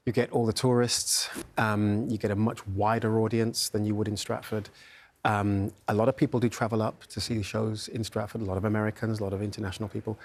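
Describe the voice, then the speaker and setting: A man, an actor, talking in a relaxed, chatty way with many fillers during an interview. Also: fairly low pitch. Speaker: actor guest. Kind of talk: interview chat.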